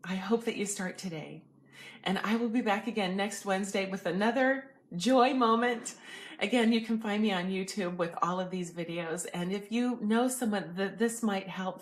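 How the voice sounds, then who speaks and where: A woman hosting an inspirational video, speaking gently and earnestly to viewers. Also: mid-range voice. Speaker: motivational video host. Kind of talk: heartfelt direct-to-camera encouragement.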